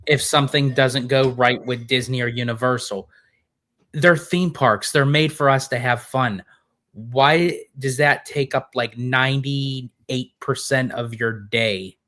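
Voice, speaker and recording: A man's voice: mid-range voice, slow pace, a bit bright. Chatty laughing male co-host. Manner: chatty, laughing, self-deprecating. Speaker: podcast co-host. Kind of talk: casual chat.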